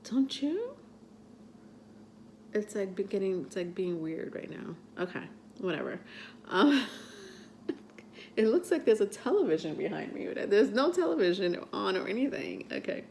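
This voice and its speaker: A woman giving a casual tarot reading to her viewers, chatty and halting, with many fillers as she reads card texts aloud. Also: medium pitch, very animated, gravelly, a little mellow, slight background noise. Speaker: tarot reader.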